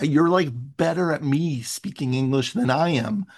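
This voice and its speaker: Lively chatty man hosting a call. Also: on the high side, creaky, breathy edge. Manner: animated storyteller, quick asides and laughs. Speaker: host. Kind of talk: casual chat.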